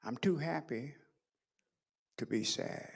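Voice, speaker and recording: Middle-aged man preaching at an unhurried pace, high voice, hushed stories building to shouts. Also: vocal fry, slightly rough. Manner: preaching cadence, swinging from hushed storytelling to shouted peaks. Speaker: pastor. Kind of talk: sermon.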